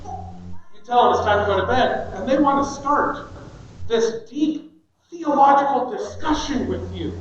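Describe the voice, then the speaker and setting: A middle-aged pastor delivering an animated sermon, acting out children's whiny excuses. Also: male voice, extremely high pitch, measured pace, a little hiss or hum. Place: church sanctuary. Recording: echoey church sanctuary, dull sound.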